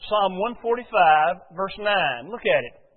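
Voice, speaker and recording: A male pastor with a high voice, preaching in a conversational way that is full of questions and "uh" fillers. He reads scripture slowly and deliberately. The sound is thin and phone-like, with long reverb from a large church hall. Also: expressive. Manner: conversational, asks congregation questions, many "uh" fillers; slow and deliberate reading scripture aloud. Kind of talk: sermon. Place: church sanctuary before a congregation.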